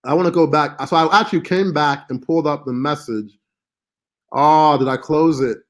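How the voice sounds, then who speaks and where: A man's voice: fairly high pitch, moderate pace. A man hosting a live-stream marketing class, talking casually with many fillers and asides. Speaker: online marketing course host.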